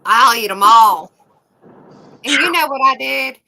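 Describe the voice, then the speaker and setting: A woman, co-hosting a casual livestream chat, a loud, laughing, salty storyteller. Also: high voice, lively intonation, unhurried, creaky, poor audio. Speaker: co-host.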